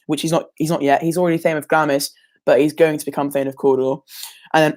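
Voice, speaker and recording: A man's voice: fairly high pitch, normal speed, darkish tone. Hesitant teenage boy revising. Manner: hesitant and rambling, full of ums and self-corrections. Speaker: student sharing exam revision. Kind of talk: casual revision livestream.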